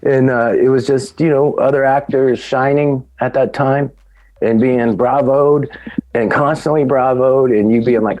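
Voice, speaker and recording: A man speaking as a podcast guest, telling an animated anecdote about his old TV crew days and acting out the people in it. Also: medium pitch, unhurried, no echo, dull audio. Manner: lively storyteller, acts out quoted people.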